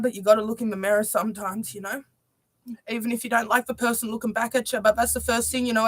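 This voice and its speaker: A young woman with a somewhat high voice speaks to her viewers on a livestream. Her talk is earnest and heartfelt, and she keeps falling back on "you know". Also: fairly bright tone, no echo. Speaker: musician presenting her music video premiere.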